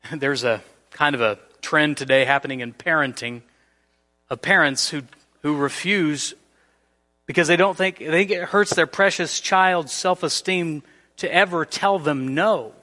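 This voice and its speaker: A man preaching a sermon in a church, explaining scripture and acting out everyday scenes in a lively way. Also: a little high, a little slow, long reverb tail. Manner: animated, acts out everyday scenarios. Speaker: pastor. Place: church sanctuary.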